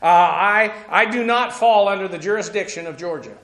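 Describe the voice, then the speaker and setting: High-voiced man teaching a sermon. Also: moderate pace, fairly bright tone. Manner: conversational Bible teaching with frequent fillers and restarts. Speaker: pastor. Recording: echoey room sound.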